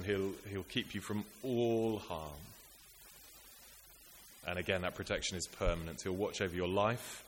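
Man, preacher, sermon, earnest rhetorical delivery, lowish voice, long hall reverb, faint hiss. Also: a bit bright. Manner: earnest, rhetorical, builds lists and repetitions.

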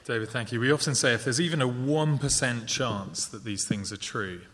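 A man hosting a church evening, calmly giving closing remarks and reading scripture. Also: medium pitch. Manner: measured, calm, announcing. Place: large church. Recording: long church reverb.

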